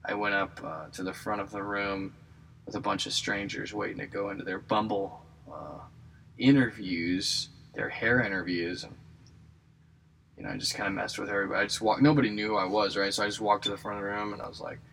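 A man's voice: lowish voice, fairly even intonation, a little fast, gravelly, fairly bright tone, slight background noise, poor audio. A young man talking in a rambling, self-deprecating casual monologue, joking and restarting often. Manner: self-deprecating, jokey, lots of fillers and restarts. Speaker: aspiring comedian and actor.

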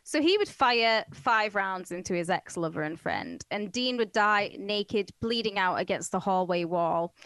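A woman's voice: mid-range voice, fairly bright tone, clean tone, no echo. A woman with a Northern English accent co-hosting a true crime podcast in casual, chatty talk, with a wry, joking manner. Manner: chatty, laughs often, wry. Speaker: podcast co-host.

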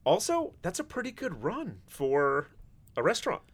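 A man's voice: fairly high pitch, huge pitch swings, moderate pace. Wry, sarcastic male podcast host. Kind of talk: casual podcast chat.

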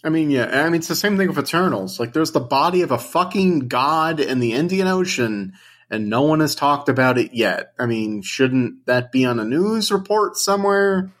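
A man's voice: fairly high pitch, animated, normal speed, fairly bright tone. A man co-hosting a podcast, bantering casually with wry, profane humor. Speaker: podcast co-host.

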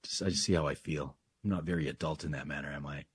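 A man's voice: a bass voice, fast talker, slightly rough, no room sound, clean studio sound. A man, an actor guest, chatting casually in an interview, joking about himself and laughing often. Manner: laughing, self-deprecating, animated.

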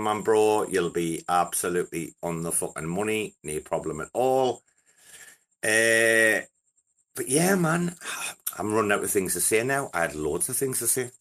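A young man hosting a crypto breakfast show, chatting casually in a rambling, heavily profane and excitable way. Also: on the low side. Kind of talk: casual live audio chat.

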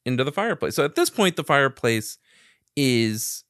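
A man's voice: mid-range voice, big pitch swings, moderate pace, fairly bright tone, no echo, clean studio sound. A man telling a long story in casual, profane chat, laughing as he goes.

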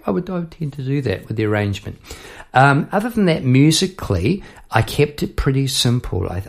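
A middle-aged man, a songwriter hosting his own podcast, chatting casually and rambling through stories with frequent restarts. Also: fairly low pitch. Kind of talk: casual chat about songwriting.

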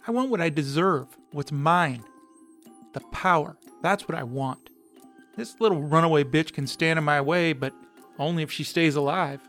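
A man's voice: a little high, normal speed, a bit bright, faint music behind. A man reading the lines of a ruthless, sneering mobster who threatens others. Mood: menacing.

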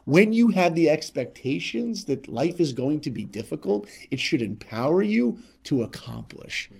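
A middle-aged man from New York, telling a motivational story in an animated way and acting out the other voices. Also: on the high side, normal speed, vocal fry, slightly rough. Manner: animated, acts out voices in his stories.

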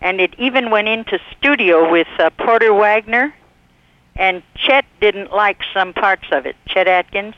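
A man telling anecdotes as an interview guest, relaxed and rambling, with pauses to search for words. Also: high-pitched, clear, resonant tone, no echo, dull audio. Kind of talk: recalled anecdotes in conversation.

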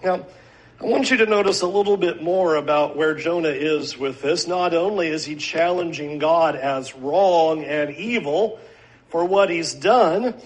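A man with a fairly high voice preaches a sermon. He speaks earnestly and at a measured pace, often posing rhetorical questions to his listeners. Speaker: pastor.

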